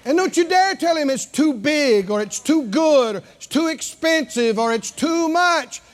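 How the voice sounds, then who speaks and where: A man preaching a sermon, drawing answers from his congregation and rising to shouts. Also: very high-pitched, expressive, measured pace.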